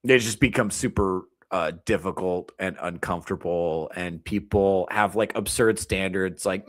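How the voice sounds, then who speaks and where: Profane rambling male comedian, low-voiced. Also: measured pace, hardly any pauses. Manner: profane, rambling and animated, breaking into mock quotes. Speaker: comedian hosting a stream. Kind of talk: casual rant to a live chat.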